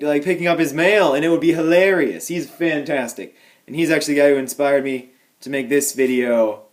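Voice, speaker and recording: A young man vlogging at home, telling a small everyday story to the camera with exaggerated mock drama and deadpan asides. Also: on the high side.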